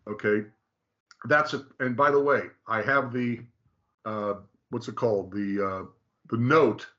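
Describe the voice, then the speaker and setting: A man presenting in a casual explanatory discussion, halting and restarting often and drawing out key names slowly. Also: mid-range voice, bright, forceful tone, lo-fi sound. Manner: halting, frequent restarts, slow drawn-out stress on names.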